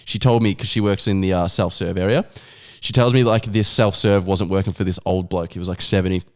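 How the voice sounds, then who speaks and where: A man's voice: sits low, fairly even intonation, brisk. A young Australian man hosting a podcast, chatting bluntly and swearing freely. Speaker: podcast host. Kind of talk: casual podcast chat.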